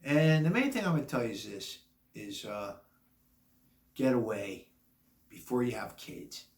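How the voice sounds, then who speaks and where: A slightly drunk man in his fifties rambles through a casual monologue, blunt and emphatic, in a middle-pitched voice. The sound carries a roomy echo. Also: big pitch swings, measured pace. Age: 50s. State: a little drunk. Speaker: vlogger.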